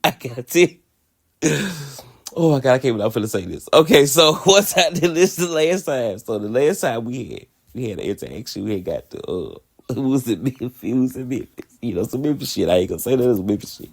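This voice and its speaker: A man's voice: medium pitch, sing-song, fast. A man hosting a podcast, telling a personal story in a candid, profane way and laughing often. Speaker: podcast host.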